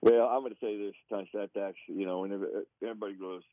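A man, a former football player, telling an animated story as a guest, often laughing as he talks. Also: on the low side, fast, no echo, narrow, tinny audio. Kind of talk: casual storytelling.

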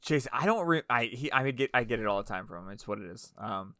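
Bright-voiced joking podcast co-host. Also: male voice, mid-range voice, fast, clean tone, no echo, clean studio sound. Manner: joking, animated. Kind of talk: casual chat.

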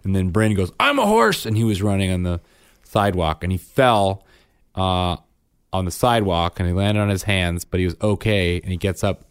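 A man in his thirties co-hosting a casual chat, telling family stories with lively acted-out lines. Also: deep voice, normal speed, smooth, dry recording, studio quality. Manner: animated storyteller, acts out his kids' lines. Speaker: podcast co-host.

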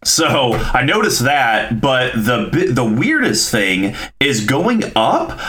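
A man's voice: medium pitch, slow pace, reverberant. A man hosting a podcast in casual chat, telling stories with dry humor. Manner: lively storyteller, dry humor. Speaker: podcast host.

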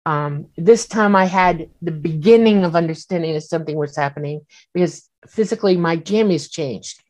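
Lively woman telling a story, low voice. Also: moderate pace. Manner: animated, acts out quoted voices, frequent fillers. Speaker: guest recounting an experience. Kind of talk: casual storytelling.

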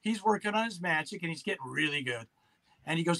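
A middle-aged man in casual chat, an animated storyteller who acts out quotes. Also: on the high side, fast.

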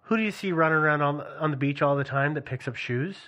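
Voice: mid-range voice, fast talker, bright, forceful tone. A co-host in casual chat, playful and punning, often chiming in with short questions. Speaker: podcast co-host.

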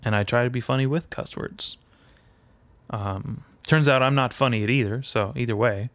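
A man delivers a rambling podcast monologue full of swearing and self-mockery. The pitch sits in an ordinary middle range. The sound is dry and close, with no room around it. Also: moderate pace, fairly bright tone, no echo. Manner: ranting, heavy swearing, self-deprecating asides. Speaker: podcast host and aspiring comedian.

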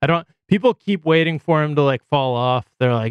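A man's voice: a little high, expressive, brisk, few pauses, smooth, dry recording. A man hosting a casual sports podcast, chatty and reeling off player stats with plenty of fillers. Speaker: podcast host.

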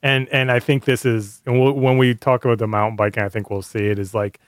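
A man co-hosting a relaxed podcast discussion. His voice sits at a middle pitch and sounds dry and close to the mic, and he talks haltingly with frequent stammered restarts. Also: no room sound. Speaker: podcast co-host. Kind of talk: casual chat.

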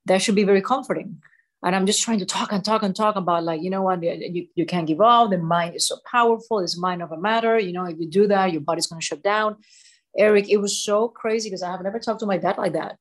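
A woman in her forties, a show co-host, telling a personal story with halting restarts and repeated words. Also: medium pitch. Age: 40s.

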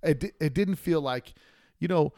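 A man co-hosting a casual car-enthusiast podcast, telling stories and acting out the people he quotes in a raised, lively voice. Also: on the high side, moderate pace, no room sound, clean studio sound. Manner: animated storyteller, acts out quoted people in a raised voice. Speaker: podcast host. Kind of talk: casual chat.

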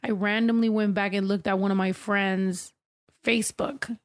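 A woman's voice: medium pitch, flat delivery, normal speed. Laid-back rambling young woman. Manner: rambling, laughs often, swears casually. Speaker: podcast co-host. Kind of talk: casual chat.

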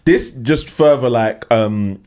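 A young man with a London accent, co-hosting a podcast in casual, animated chat full of slang. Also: medium pitch, slow. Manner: animated, laughing, heavy slang. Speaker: podcast co-host.

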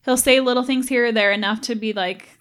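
Chatty, higher-voiced woman co-host. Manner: chatty, relaxed storyteller who quotes her husband; laughs readily and agrees quickly. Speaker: podcast co-host. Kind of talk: casual chat.

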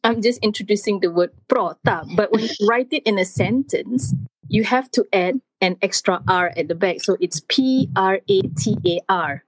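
A woman's voice: mid-range voice, normal speed, dry recording, rough recording. A woman hosting a casual studio segment, explaining words of the day and acting out her own surprise. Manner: animated, acts out her own reactions. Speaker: host teaching words of the day. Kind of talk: casual studio chat, language lesson.

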